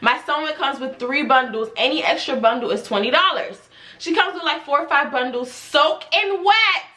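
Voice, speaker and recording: A young woman telling a storytime vlog about a client, animated and exasperated, piling up rhetorical questions. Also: high-pitched, normal speed. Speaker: hairstylist and vlogger.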